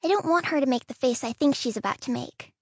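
High-voiced woman reading an audiobook. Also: lively intonation, quick pace, husky, no echo, studio quality. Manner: childlike first-person reading, soft and quiet. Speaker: audiobook narrator. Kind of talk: scripted audiobook narration.

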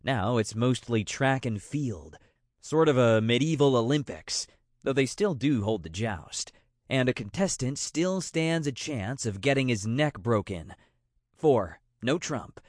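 A man's voice: medium pitch, expressive, unhurried, no room sound, natural voice. A male narrator voicing a bored, restless grown man who jokes wryly with his friends, close to his own voice.

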